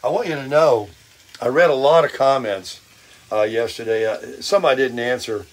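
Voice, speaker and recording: An older man hosting a casual vlog while cooking in his camper, upbeat and self-amused, his voice a bit hoarse with frequent throat clearing. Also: medium pitch, normal speed, low-quality recording. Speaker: vlog host. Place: camper kitchen. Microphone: phone on a selfie stick. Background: bacon frying.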